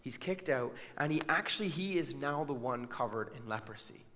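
A man preaches a sermon, telling a story in which he acts out people's words and drops in casual asides. His mid-range voice has lively intonation, a normal speed and a slightly bright quality, with a big-room sound.

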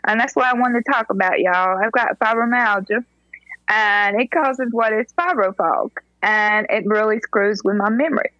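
A woman, talking haltingly as a podcast co-host with lots of filler words. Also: mid-range voice, sharp tone, no room sound, lo-fi sound. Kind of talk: casual chat.

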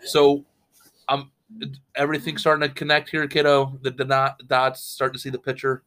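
A man's voice: mid-range voice, monotone, normal speed, fairly bright tone. Male podcast host, rambling, playful, stumbles on words. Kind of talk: casual family chat.

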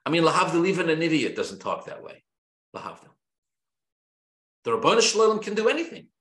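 A man, a rabbi teaching a Torah class, speaking in an animated, emphatic way with rhetorical questions and frequent restarts. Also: fairly high pitch, fairly quick. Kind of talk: lecture-style Torah class. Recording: roomy echo.

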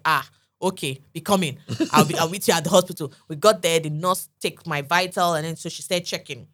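Woman, 30s, podcast co-host, animated storyteller, lowish voice. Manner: lively storyteller acting out quoted dialogue. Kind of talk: casual storytelling chat.

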